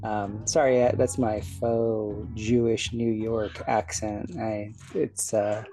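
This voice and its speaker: A man's voice: lowish voice, level tone, slow pace, warm tone, soft background music. A man from South Florida, a podcast host, rambling cheerfully through a casual outro and laughing at his own slips.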